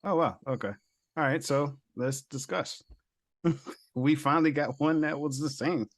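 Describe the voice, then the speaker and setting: A man co-hosting a podcast, calmly steering a casual movie debate to the next pick. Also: on the high side, measured pace. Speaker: podcast co-host.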